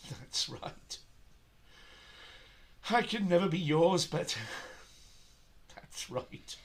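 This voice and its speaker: A man voicing a gentle, lovelorn young poet in a comic operetta, speaking softly and languidly, recorded in his room at home. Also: high-pitched, animated, very slow, heavily acted. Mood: lovesick. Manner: soft, languid, lovesick. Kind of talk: comic operetta dialogue, one-man performance.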